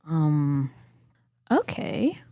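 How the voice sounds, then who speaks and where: A woman playing a tabletop role-playing game, drawing out her lines playfully and jumping high when she speaks in character. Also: big pitch swings, warm tone, dry recording, studio quality. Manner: playful, slow, drawn-out character voice with high squeaky lifts. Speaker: player.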